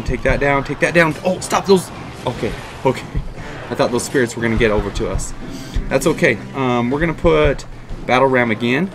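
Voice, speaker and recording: A man giving live commentary over his own mobile game match, excitable and chatty, often repeating himself and cheering or groaning at the action. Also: medium pitch. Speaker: gaming YouTuber.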